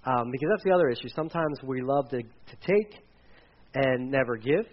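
A man's voice: mid-range voice, animated, moderate pace, muffled recording. A man in his forties, a pastor preaching a casual sermon with dad jokes and frequent fillers. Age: 40s.

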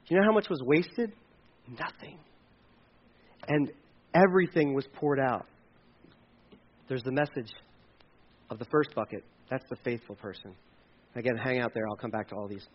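A man preaching a sermon as pastor, swinging from loud, high emphasis to quiet, low asides and acting out the voices of churchgoers. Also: lively intonation, moderate pace, long pauses, husky, lo-fi sound. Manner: acts out quoted voices of churchgoers.

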